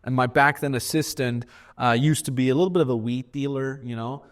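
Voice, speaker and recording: A man's voice: medium pitch, fairly quick. A man speaking as a guest on a podcast. He tells stories candidly in a blunt, profane way and often repeats words as he goes. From Austria. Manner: blunt and profane, with frequent repetitions. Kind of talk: candid storytelling in podcast conversation.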